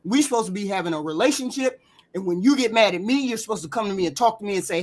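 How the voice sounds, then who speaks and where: A woman's voice: medium pitch, expressive, very fast, a little mellow. A woman co-hosting a podcast, arguing her point insistently in a heated casual panel debate.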